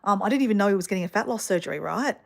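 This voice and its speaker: A woman's voice: mid-range voice, lively intonation, very fast, gravelly. A middle-aged Australian woman vlogger, chatting casually through a rambling personal story full of fillers and asides.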